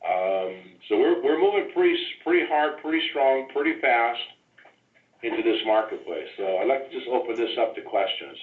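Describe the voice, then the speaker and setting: A man's voice: mid-range voice, expressive, moderate pace. A man hosting a business call, talking casually with many restarts and fillers. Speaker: host of a member call. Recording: echoey, tinny phone-line sound.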